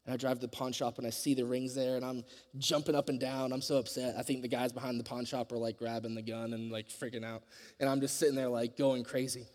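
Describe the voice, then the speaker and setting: A man preaching a sermon, telling a personal story earnestly, his voice swinging from loud passages to hushed ones. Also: medium pitch, little pitch movement, quick pace, in a large hall.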